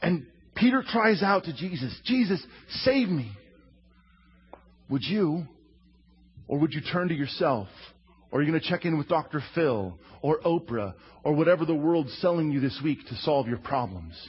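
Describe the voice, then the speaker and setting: A husky, fairly high-voiced man preaches a sermon, telling the story with a wide, animated swing in pitch. He acts out quotes as he goes. The recording sounds dull and lo-fi. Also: normal speed. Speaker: preacher teaching a Bible lesson. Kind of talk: sermon, drawing while teaching.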